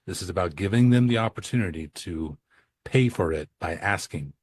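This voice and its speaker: A man's voice: low-pitched, moderate pace, husky, dry recording, studio quality. A man co-hosting an accounting podcast, talking casually and acting out client phone calls as he tells stories. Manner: animated storyteller who acts out dialogue. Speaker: podcast co-host and accounting coach. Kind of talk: casual conversational podcast talk.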